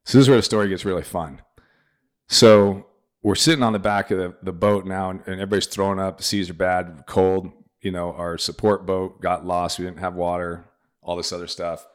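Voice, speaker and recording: A middle-aged man with a very low, deep voice, telling a story in a loose, chatty way. He acts out the lines other people said as he goes. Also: level tone, brisk, clean tone. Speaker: podcast guest. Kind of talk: casual storytelling.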